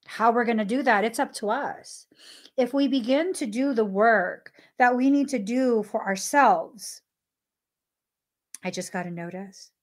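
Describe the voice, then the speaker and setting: Earnest woman podcast host, slightly high voice. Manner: earnest, candid, drawn-out pauses. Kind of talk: reflective spiritual podcast talk.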